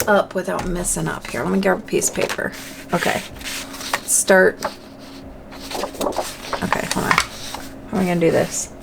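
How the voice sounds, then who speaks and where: A woman's voice: on the low side, vocal fry. A woman hosting a budgeting channel, chatting casually to camera while playing a dice game, talking to herself and counting aloud.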